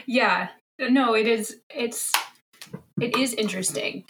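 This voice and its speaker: A woman's voice: a little high, slow pace, background noise. A young woman co-hosting a casual book podcast, talking things through thoughtfully with many fillers. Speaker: podcast co-host.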